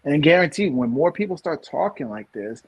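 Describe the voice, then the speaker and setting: This podcast co-host, a New Yorker in his thirties, shares opinions in casual chat with a sing-song, slightly high, somewhat husky voice at normal speed. He keeps restarting and rambling before he finally pushes his main points through.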